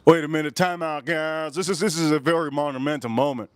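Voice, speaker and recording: Man, livestream host, casual whiskey-review chat, rambling and excitable, slightly high voice, dry close sound. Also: a little fast, clear, resonant tone, dry recording. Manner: excitable, rambling, talks to viewers.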